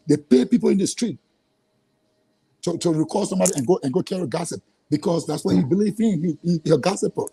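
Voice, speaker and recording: A man with a Liberian English accent, a guest in an interview, speaks heatedly in a high-pitched, expressive, fast voice that is warm and husky. He sounds angry and repeats himself, stammering and restarting when frustrated. There is no room sound, but the audio is poor.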